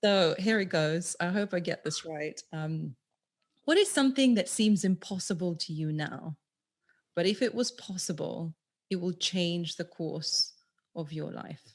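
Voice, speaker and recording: A woman with a fairly low voice hosts an interview. She asks her questions slowly and thoughtfully, in a measured tone. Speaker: podcast host.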